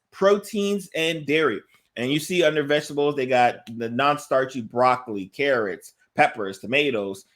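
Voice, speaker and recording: A man's voice: mid-range voice, a bit bright. A male physician giving a health education talk, emphatic and conversational, often checking in with "right?" and "guess what?".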